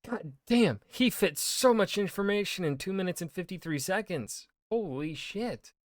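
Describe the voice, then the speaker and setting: A man's voice: high voice, animated, normal speed, dry recording, clean studio sound. Rambling man reacting with casual swearing. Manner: rambling, loose, swears freely. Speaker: historian reacting to a video.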